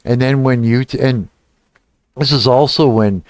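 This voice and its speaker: A middle-aged man talks loosely to his livestream chat, swearing freely and trailing off mid-thought before starting again. His voice is smooth and resonant. The sound is close and dry, with no room around it. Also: measured pace, darkish tone, no room sound. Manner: rambling and profane, trailing off and restarting; laughs and rises in pitch when retelling anger. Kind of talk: casual livestream chat, answering chat.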